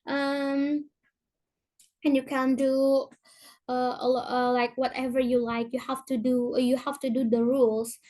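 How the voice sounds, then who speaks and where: A woman's voice: high-pitched, level tone, a little mellow. A young woman from Indonesia with a Sundanese accent, giving an informal presentation and searching for words as she speaks. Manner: halting, searching for words in English.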